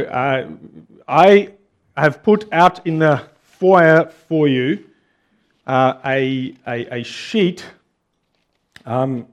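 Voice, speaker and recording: A man preaching a conversational sermon, earnest and full of rhetorical questions. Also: fairly high pitch. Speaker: pastor.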